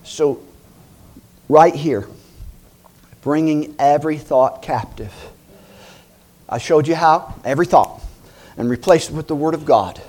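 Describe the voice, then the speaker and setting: Middle-aged male preacher, slightly high voice, animated and laughing, acts out voices. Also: a little slow, pauses often. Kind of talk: lively sermon.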